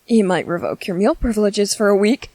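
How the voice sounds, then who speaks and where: A woman's voice: medium pitch, a little fast, dark tone, no echo, lightly acted. A woman voicing a shy, bookish young male soldier in an ASMR audio drama, nervous and stammering. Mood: exasperated.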